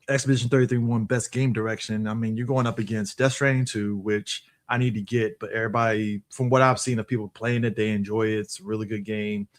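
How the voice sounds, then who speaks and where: A man co-hosting a casual gaming podcast in a relaxed, conversational way. He often reaches for fillers as he thinks aloud. His voice sits at an average, middle pitch. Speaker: podcast co-host. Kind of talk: casual chat.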